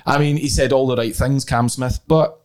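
Man, mid pitch, podcast host, casual chat, measured, leads the talk. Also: steady tone, a little mellow. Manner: measured, steers the conversation, thinks aloud.

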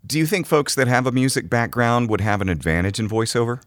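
A man's voice: mid-range voice, animated, fast, dry recording, studio quality. A man co-hosting a podcast, asking direct, upbeat interview questions. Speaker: podcast co-host.

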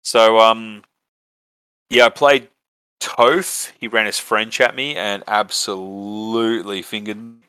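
A man's voice: fairly low pitch, steady tone, takes it slowly, bright, forceful tone, clear, resonant tone, no room sound. An Australian man hosting a podcast, telling a rambling story casually, with lots of fillers and swearing. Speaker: podcast host.

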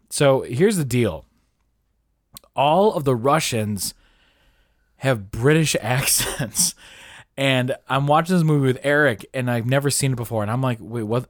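Rambling, animated man telling a story. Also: medium pitch, no echo, studio quality. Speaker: podcast host. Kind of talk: casual chat.

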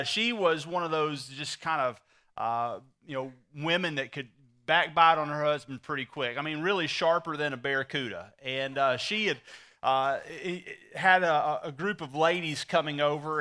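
A middle-aged preacher with a bright, slightly high voice. He spins folksy stories and drives his points home emphatically. His tone stays forceful and ringing. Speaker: pastor. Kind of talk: sermon.

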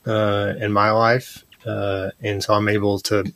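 A man in his thirties, a podcast guest, telling personal stories in an earnest, animated way with lots of "like" and "you know". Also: fairly low pitch, unhurried, dry recording. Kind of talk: casual interview conversation.

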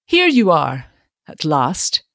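A woman reading the part of an anxious, solicitous young gentleman with an eager, earnest manner. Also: sits low, wildly swooping pitch, slow, creaky, no room sound, studio quality, heavily acted.

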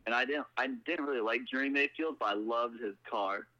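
A man's voice: medium pitch, fairly quick, sharp tone, dull audio. A man in his twenties, a podcast guest, telling a rambling story in casual chat. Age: 20s.

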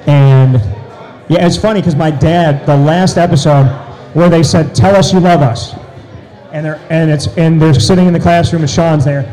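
A man telling an animated story as an interview guest, with loud excited bursts. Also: a little high, normal speed, rough recording.

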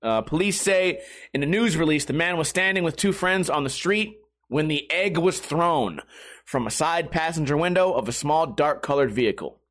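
A man's voice: fairly high pitch, moderate pace. A man hosting a comedy show, reading a strange news story and riffing on it with crude jokes and frequent laughter. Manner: animated, crude, laughs often, mocking asides. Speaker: comedy podcast host.

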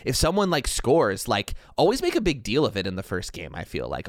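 A man's voice: lowish voice, wildly swooping pitch, fast, few pauses, no room sound, studio quality. A man co-hosting a casual board game podcast, chatty and reflective, with frequent fillers and easy laughs. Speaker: podcast co-host.

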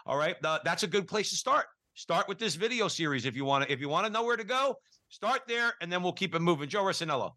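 A chatty male podcast co-host with a bright, forceful voice, pitched a little high. He talks in a loose, hesitant way and sets up questions for his guest. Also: animated, fast. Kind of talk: casual podcast conversation.

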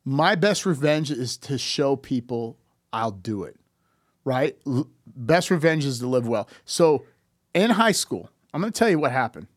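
A man's voice: medium pitch, expressive, measured pace, slightly rough, no echo, clean studio sound. A man in his fifties talking casually on a podcast, telling stories animatedly, acting out quoted dialogue and often restarting his sentences. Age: 50s. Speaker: podcast guest.

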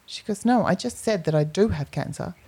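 A woman's voice: on the low side, animated, brisk, dark tone, husky. A woman co-hosting a casual podcast, telling stories and acting out the lines people said. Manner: storytelling, acts out quoted speech. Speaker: podcast co-host. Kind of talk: casual chat.

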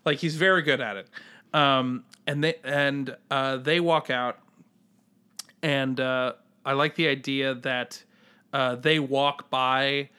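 A man co-hosting a casual podcast, his voice bright and forward. He rambles through his ideas, restarting sentences and slipping into quick acted bits. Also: mid-range voice, fairly even intonation, smooth. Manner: rambling with many fillers and restarts, acting out scenes. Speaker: podcast co-host. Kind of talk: casual chat.

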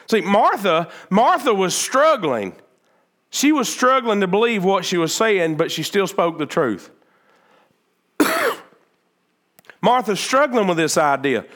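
A man preaching a sermon, acting out the words of Bible figures and swinging between loud emphatic peaks and quieter stretches of explaining. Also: sits high, slow pace, pauses often. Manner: animated, acts out Bible figures' words in quoted speech. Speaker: pastor.

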